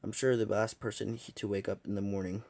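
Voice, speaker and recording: A man's voice: lowish voice, level tone, fast talker, vocal fry, darkish tone, no echo. A man voicing a fantasy audio drama in a casual way, restarting lines as he goes. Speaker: fan audio drama reader.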